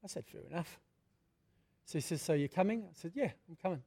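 An older man preaching a sermon, moving from prayer into a personal testimony told in a fervent, conversational way that swells to loud bursts. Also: a little high, expressive, fairly quick, slightly rough. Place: church.

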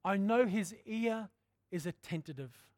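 A middle-aged man preaching a sermon in a candid, conversational way, often clearing his throat. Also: high-pitched, animated, takes it slowly, darkish tone, dry recording, studio quality. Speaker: pastor.

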